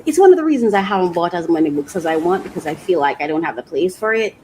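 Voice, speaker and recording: Lively, emotional woman sharing a favorite book. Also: fairly low pitch, slight background noise, poor audio. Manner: emotional and expressive, laughs often, restarts sentences; slows down when reading aloud. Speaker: host of a faith podcast. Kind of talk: casual reflective monologue.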